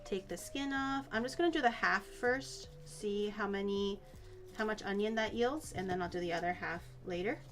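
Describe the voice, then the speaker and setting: A woman's voice: mid-range voice, normal speed, over music. A woman streaming herself cooking in a home kitchen, chatting casually, rambling through explanations and swearing now and then.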